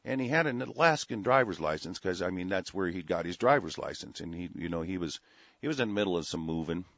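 A lower-voiced man in middle age or older, hosting talk radio and telling long, rambling stories laced with blunt profanity. He restarts his sentences constantly. The sound is dull and lo-fi, with a dry, close feel. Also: animated, quick pace, creaky, a bit bright, no room sound. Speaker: radio talk show host. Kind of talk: rambling storytelling and political rant on talk radio.

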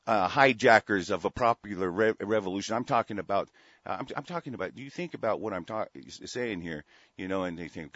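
A man's voice: sits low, expressive, fairly quick, a bit bright, no echo. Profane, heated man ranting. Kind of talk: angry political rant. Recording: dull, dry lo-fi sound.

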